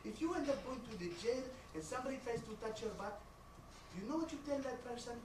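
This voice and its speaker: A man voicing a doting, teasing mother who speaks broken English and swings into dramatic shouts. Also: very high-pitched, expressive, fast talker. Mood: shouting. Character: doting teasing middle-aged mother on the phone. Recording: echoey room, distant mic, noisy.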